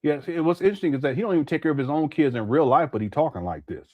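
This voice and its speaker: A man's voice: a little high, animated, racing, no room sound, phone-quality sound. Laughing, mocking man on a live stream. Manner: laughs often, mocking asides. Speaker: commentary streamer. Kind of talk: casual live-stream commentary.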